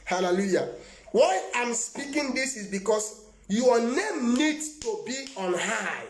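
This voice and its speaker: A Nigerian man with a high voice preaches live to his viewers as a prophet. He talks in an emphatic, rambling way, laughs often and answers viewers by name. His voice rings in an echoey room. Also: lively intonation, takes it slowly.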